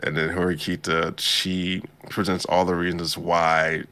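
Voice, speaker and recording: A man's voice: low-pitched, little pitch movement, unhurried, sharp tone. A man hosting a podcast, casually recapping an anime episode in a laid-back, slangy way and acting out the characters' lines. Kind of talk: casual chat.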